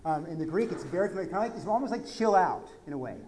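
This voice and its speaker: Very fast, high-pitched, and animated, a man from Texas preaches as a pastor. His conversational sermon alternates quiet asides with loud, emphatic climaxes.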